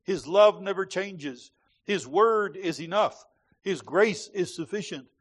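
A man's voice: sits high, lively intonation, slow pace. A man preaching a sermon to a congregation with a rhythmic, emphatic cadence.

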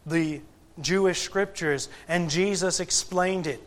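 A man preaching a sermon to a gathered congregation, deliberate and emphatic, with frequent pauses and rhetorical questions. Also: high-pitched. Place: church gathering.

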